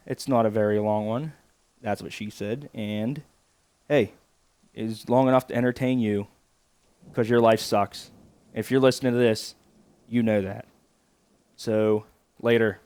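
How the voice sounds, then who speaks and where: A man's voice: on the low side, measured pace, long pauses, clean tone, no room sound. Crude, sarcastic male podcast host. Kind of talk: casual solo podcast talk.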